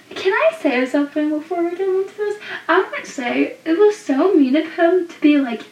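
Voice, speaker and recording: A woman's voice: high voice, moderate pace, a little mellow. A woman giving a casual, chatty recap of a TV episode, leaning on "like" and repeating words for emphasis. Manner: chatty, lots of "like", emphatic repetition. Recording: roomy, distant, dull sound.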